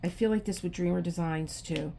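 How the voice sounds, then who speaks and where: A woman's voice: fairly low pitch, brisk, vocal fry, mellow, a little hiss or hum. A middle-aged woman hosting a craft video, chatting casually to the camera and talking to herself in frustration as she works.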